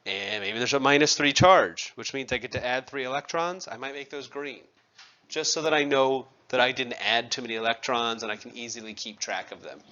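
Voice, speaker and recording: Bright-voiced man teaching chemistry. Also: medium pitch, fairly quick, muffled recording. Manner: conversational, asks students questions, self-deprecating asides. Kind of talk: classroom lecture.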